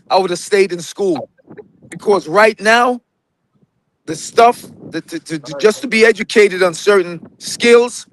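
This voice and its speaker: A middle-aged man with a Jamaican accent that comes and goes, pitched notably high for a man. He talks emphatically and tells his story in a loose, preaching way, calling the listener brethren. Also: slight background noise. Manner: emphatic storytelling, drifts in and out of patois, says "brethren". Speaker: guest. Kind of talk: casual live-stream interview.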